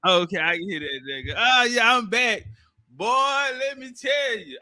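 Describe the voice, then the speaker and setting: High bright-voiced man, rambling and profane. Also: moderate pace, no room sound, clean studio sound. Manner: loose, rambling, laughing, street slang. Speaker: commentator. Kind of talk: casual profane commentary. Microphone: own microphone.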